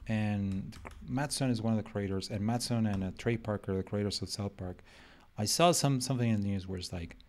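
A man's voice: lowish voice, brisk. A man for whom English is a second language, chatting in a rambling, joking way during a live drawing stream. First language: not English. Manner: rambling, self-mocking, joking. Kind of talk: casual live-stream chat while drawing.

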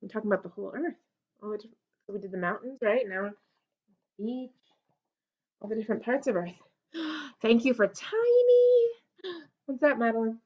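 A woman reading a picture book aloud to a child at a library story time, gently and encouragingly, with little gasps at the pictures. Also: fairly high pitch, brisk, pauses often, muffled recording.

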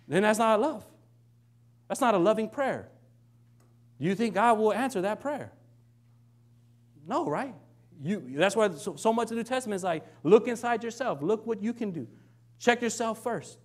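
Conversational male minister preaching. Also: sits high. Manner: conversational, keeps asking "right?"; acts out quoted lines in shifting voices. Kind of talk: sermon.

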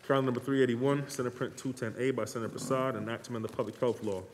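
A man reading legislative business aloud in a brisk, monotone clerical manner. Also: medium pitch, slight background noise. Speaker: Senate secretary. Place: large legislative chamber. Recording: reverberant chamber with faint ambience.

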